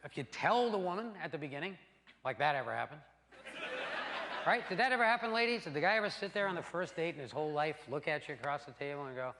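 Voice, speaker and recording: A man doing a stand-up routine, animated and crude, acting out voices for his punchlines on a live stage. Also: fairly high pitch, quick pace. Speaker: stand-up comedian. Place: theater stage before a laughing audience. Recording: live stage with long reverb and loud noise.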